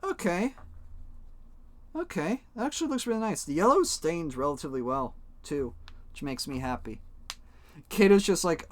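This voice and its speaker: A man's voice: on the high side, expressive, moderate pace. Joking, rambling young male streamer. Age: young adult. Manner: joking, rambling, swears freely. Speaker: live streamer. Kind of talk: casual live-stream chat while coloring.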